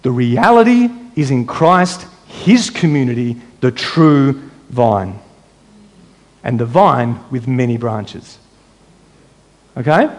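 A man's voice: medium pitch, lively intonation, slow pace, pauses often. A man preaching a sermon, teaching from scripture and quoting verses while asking the congregation questions.

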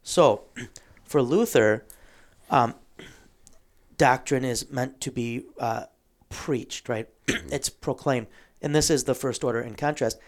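Man explaining, clearing his throat often. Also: medium pitch, takes it slowly, pauses often. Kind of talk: casual theological discussion.

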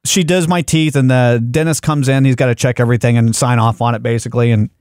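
A man's voice: mid-range voice, fairly even intonation, fast talker, a little mellow, clean tone, no room sound, studio quality. A man hosting a comedy podcast, telling a rambling story in casual chat with many restarts. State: groggy, a little delirious.

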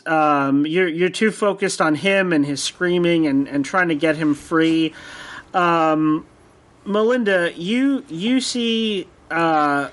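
A man running a tabletop game as game master, narrating hesitantly with many pauses and fillers. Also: sits high, fairly bright tone.

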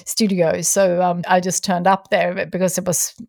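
Woman, podcast host, warm-sounding fry in a lowish voice, eager, dry close mic. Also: level tone, normal speed, no room sound. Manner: effusive, eager. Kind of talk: podcast interview.

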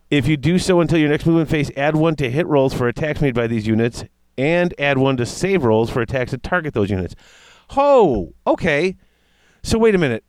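A man in casual chat, reading tabletop game rules aloud and reacting with excitement. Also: medium pitch, dry recording. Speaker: tabletop wargame player discussing rules.

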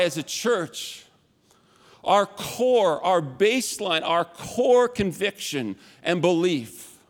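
A man with a notably high voice delivers a relaxed, conversational sermon, drifting into joking asides about himself. His words ring out with a long reverb, as though from a large church sanctuary. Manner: chatty, with self-mocking asides. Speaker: pastor.

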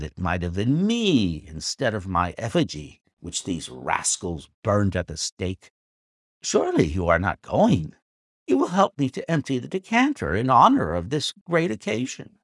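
A man voicing a pompous, irascible old squire who talks in an indignant, excitable, declamatory way in a storybook reading. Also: fairly low pitch, measured pace, dry recording, clean studio sound, heavily acted.

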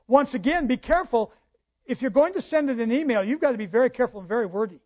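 A male pastor preaches a sermon, reading scripture aloud and explaining it to his congregation with asides along the way. His voice is extremely high, animated and quick, captured in a dull, lo-fi church recording.

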